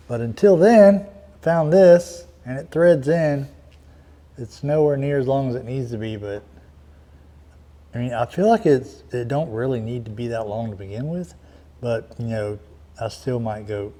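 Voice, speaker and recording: A mid-range, dark-toned male voice belongs to a DIY car repair vlogger fixing a car outdoors. He rambles casually and folksily while he works, like easy workshop chat.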